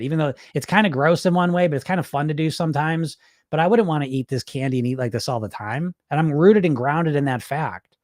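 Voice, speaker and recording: A man's voice: medium pitch, a little mellow, no room sound, studio quality. A man coaching weight loss in a casual livestream Q&A, blunt and loose, swearing now and then and checking in with "right?".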